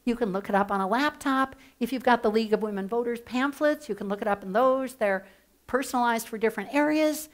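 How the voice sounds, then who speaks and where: A woman leading an advocacy training workshop, talking with playful humor and mock excitement through a headset mic. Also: a little high, fast. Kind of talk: workshop presentation. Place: training room.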